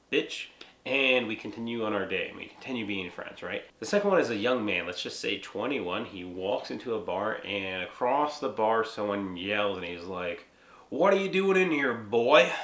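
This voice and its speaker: Brief: young American man, mid-pitched, loose and profane, talking to camera in an echoey room. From United States. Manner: lively, profane, frequent "like" and "right?". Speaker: vlogger. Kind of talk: casual explainer monologue.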